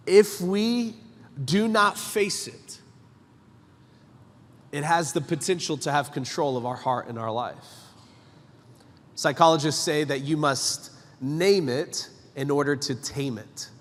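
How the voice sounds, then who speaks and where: A man's voice: high-pitched, a bit bright. A male pastor giving an emphatic, conversational sermon, asking the congregation direct questions. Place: church sanctuary. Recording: long church hall reverb.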